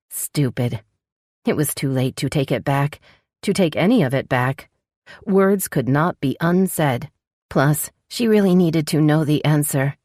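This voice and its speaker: A woman narrating a romance audiobook in an expressive, scripted style, close to the mic. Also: no room sound. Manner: expressive, voices dialogue with sharp pitch jumps.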